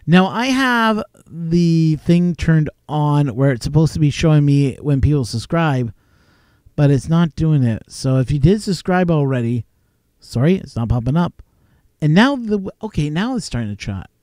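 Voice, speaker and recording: A man telling stories on a home live stream, his voice on the higher side yet mellow and soft. He rambles and chuckles, filling gaps with fillers, and the sound is close and dry. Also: expressive, normal speed, dry recording. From Canada. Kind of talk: casual live-stream chat and storytelling.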